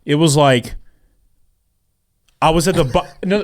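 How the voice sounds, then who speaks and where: A man's voice: a little high, measured pace, pauses often. A man co-hosting a casual podcast, telling a story in a rambling way with lots of fillers, restarts and laughter. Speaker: podcast co-host. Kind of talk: casual chat.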